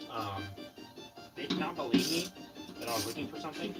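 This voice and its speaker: A man hosting a casual livestream from his garage, telling rambling deadpan tall tales full of fillers. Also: mid-range voice, a little fast, long pauses, low-quality recording. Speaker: livestream host. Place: home garage workshop. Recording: loud music over the voice. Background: loud music.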